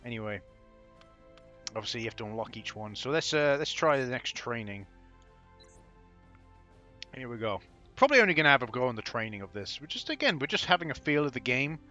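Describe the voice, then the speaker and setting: Male let's-play commentator, bright and sarcastic, profane, dull lo-fi audio. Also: mid-range voice, very animated, fairly quick, pauses often, soft background music. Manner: profane, sarcastic, laughing asides. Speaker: gameplay commentator.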